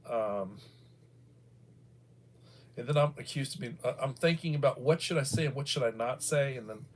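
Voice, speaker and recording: Middle-aged us guy hosting a livestream, wanders off topic, um and you know everywhere, mid pitch. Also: normal speed. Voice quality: bald. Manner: meandering, many fillers and restarts. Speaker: livestream host. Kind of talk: casual rambling commentary.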